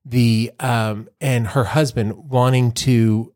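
A man co-hosts a podcast in relaxed chat, telling rambling stories with many laughs and restarts. He speaks slowly in a medium pitch with fairly even intonation and a slightly mellow tone, recorded dry and clean in a studio.

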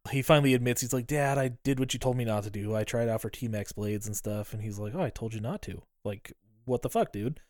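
A man in casual podcast talk, retelling a film and slipping into the characters' lines with a laugh. His voice sits at an ordinary middle pitch. The sound is dry and close, with no room behind it. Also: fast talker, a little mellow, no echo. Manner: retells scenes acting out lines, laughs often, swears. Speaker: podcast co-host. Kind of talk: casual movie recap chat.

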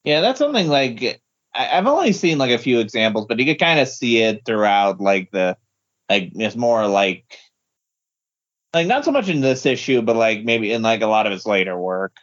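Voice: mid-range voice, very animated, normal speed, dull audio. A podcast guest chatting casually about comics, hesitant and full of fillers. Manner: hesitant, many fillers, laughs along. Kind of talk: casual comic book discussion.

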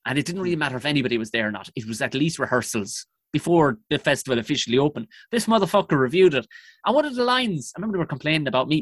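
Comic, lively swooping pitch, bright tone, dry close mic, sweary storyteller. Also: male voice, fast talker, no room sound. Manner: animated, profane, self-mocking storytelling. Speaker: comedian guest. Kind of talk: storytelling podcast chat.

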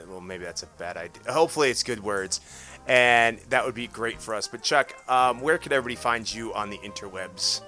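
A man's voice: fairly low pitch, a little fast, pushed and bright, soft background music. A man hosting a casual podcast, chatty and full of restarts as he wraps up the show. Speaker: podcast host.

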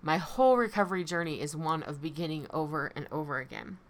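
A woman's voice: low-pitched, fast talker. A woman hosting her own podcast, speaking in an earnest, heartfelt personal monologue and repeating phrases for emphasis. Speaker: podcast host and recovery coach.

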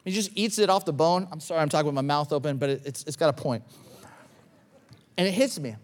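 A man's voice: fairly high pitch, quick pace. A man preaching a sermon in a conversational way, repeating phrases and acting out quoted inner thoughts. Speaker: pastor.

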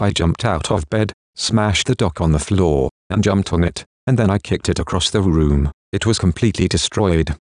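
Deep-voiced man reading a novel aloud. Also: moderate pace, few pauses, darkish tone, no room sound, studio quality. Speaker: audiobook narrator. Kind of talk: first-person novel reading.

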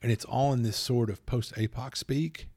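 A man co-hosting a casual podcast chat, rambling and animated, acting out little quoted voices, foggy from allergies. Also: mid-range voice, moderate pace, no echo. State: addled by allergies. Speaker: podcast co-host.

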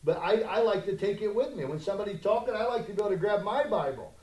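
A male pastor preaching a conversational sermon that swells into loud, emphatic challenges, in a church sanctuary. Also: sits high, lively intonation, fast. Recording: echoey room.

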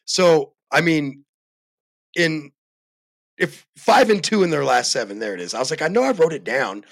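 Gravelly joking man on a sports podcast. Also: on the high side, expressive, normal speed, a bit bright, no room sound. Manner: loose, joking, profane, rambling. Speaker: podcast co-host. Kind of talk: casual sports chat.

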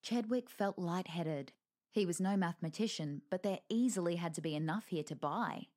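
A woman's voice: lowish voice, moderate pace, dark tone. Wry woman narrating a storybook. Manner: wry and lighthearted.

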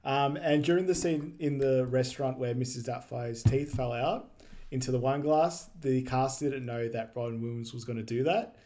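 A man co-hosting a podcast, recapping a movie in casual chat, laughing often and quoting scenes quickly. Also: mid-range voice, steady tone, mellow. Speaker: podcast co-host.

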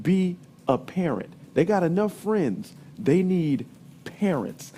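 High-voiced preacher telling stories. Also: male voice, slow, a little hiss or hum. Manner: lively storytelling, emphatic, sometimes shouting. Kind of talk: sermon with personal stories.

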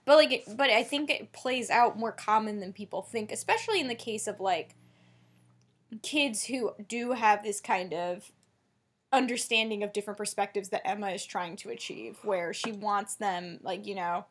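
A woman's voice: medium pitch, husky. A woman co-hosting a casual podcast, chatting through a TV episode and retelling scenes. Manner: chatty, retells scenes with quick quoted lines. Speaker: podcast co-host. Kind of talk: casual chat recapping a TV episode.

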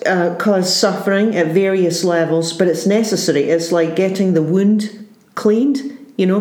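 A woman preaches a sermon at an unhurried pace, earnest and searching, circling back to rephrase her points. Her voice sits low for a woman. The room around her is echoey and reverberant. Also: darkish tone. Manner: earnest, searching, restarts phrases. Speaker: pastor.

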